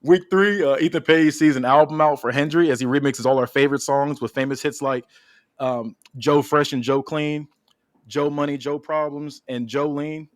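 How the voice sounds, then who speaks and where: A man's voice: fairly high pitch, steady tone, moderate pace. A man hosting a podcast, casually reading out a wrestling story with many fillers. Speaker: podcast host.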